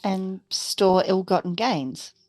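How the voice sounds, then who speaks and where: A woman taking part in a tabletop game, chatting casually and playfully about what her character does. Her voice sits at a medium pitch and is recorded dry and close, with no room sound. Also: slow, a little mellow, no room sound. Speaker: player.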